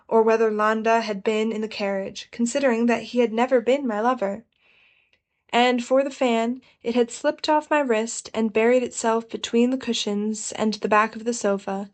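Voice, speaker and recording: A woman narrating a novel as an audiobook, in measured, expressive first-person storytelling. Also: a little high.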